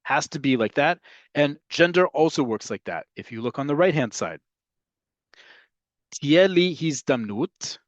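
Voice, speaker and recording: A man gives a slide-based language lesson, checking in over and over with "right?" and "okay?". He stresses key words by jumping in pitch and volume. The recording is dull and lo-fi, with a dry, close sound. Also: lively intonation, a little fast, no echo. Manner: stresses words with sudden jumps in pitch and loudness. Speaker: Hebrew teacher. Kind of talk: slide lecture.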